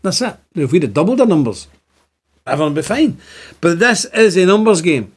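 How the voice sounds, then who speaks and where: A man in his fifties from Northern Ireland, whose accent carries an Ulster Scots tinge, delivers an impassioned, repetitive monologue to camera, rising to exclaim. His voice sits high and slightly rough, brisk, with big pitch swings.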